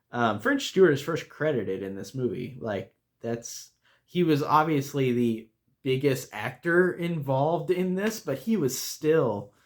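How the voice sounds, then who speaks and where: A young man casually reviewing a movie, rambling with lots of fillers, restarts and the odd laugh. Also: mid-range voice.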